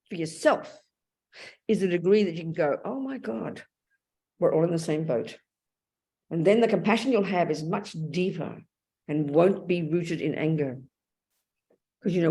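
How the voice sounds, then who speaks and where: A woman's voice: lowish voice, darkish tone. A woman with an Australian accent giving a blunt, emphatic dharma talk as a Buddhist nun, calling her listeners darling.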